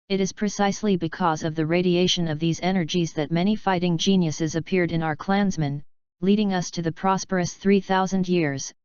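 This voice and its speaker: A woman's voice: lowish voice, a little mellow, clear, resonant tone, no echo, natural voice. A woman voicing a humble, fearful male alien officer who speaks with constant deference. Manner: deferential, keeps saying sir. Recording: dull lo-fi audio.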